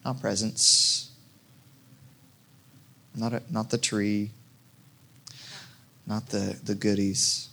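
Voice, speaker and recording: Gravelly man preaching a conversational sermon. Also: lowish voice, little pitch movement, extremely slow, long pauses, pushed and bright. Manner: conversational, jokey, many restarts. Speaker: pastor.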